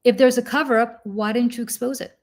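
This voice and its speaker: A woman's voice: fairly high pitch, steady tone, brisk, darkish tone. Pointed woman co-host arguing. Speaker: talk show co-host. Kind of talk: live political talk show discussion.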